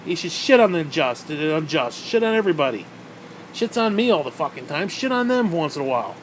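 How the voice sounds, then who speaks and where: A man's voice: a little high, very animated, fairly quick, slight background noise. A man delivering an angry, profanity-laden rant to camera, sarcastic and swearing constantly. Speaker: vlogger. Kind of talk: profane ranting monologue.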